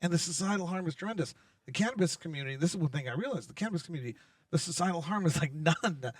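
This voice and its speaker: A man's voice: a little high, expressive, racing, no echo, far from the mic. A man hosting a casual conference interview, enthusiastic and full of restarts. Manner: enthusiastic, talks over guest, many restarts. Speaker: interview host. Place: conference venue.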